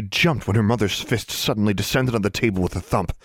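Man, audiobook narrator, measured storytelling, deep voice, dry close sound. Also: no echo.

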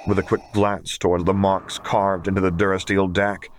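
A man narrating a fan fiction audiobook in a steady, measured storytelling manner. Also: low-pitched, a little hiss or hum. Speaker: audiobook reader.

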